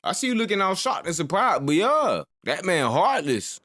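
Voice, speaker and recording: A man's voice: sits high, sing-song, normal speed, sharp tone. A man reacting to a video clip in casual commentary, laughing and hyping it up. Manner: laughing, hyped banter.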